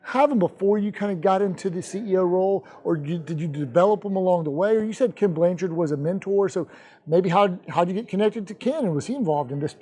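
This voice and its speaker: A man's voice: high voice, fast, darkish tone, slightly rough. A man hosting a podcast, asking interview questions and keeping the talk going with frequent affirming murmurs. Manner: engaged, frequent affirming backchannels. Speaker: podcast host.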